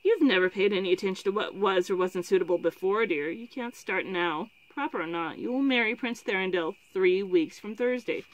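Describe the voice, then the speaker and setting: A woman's voice: mid-range voice, a little fast, hardly any pauses, no echo, natural voice, poor audio. A woman reading a firm, reproving queen mother. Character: firm, disapproving royal mother.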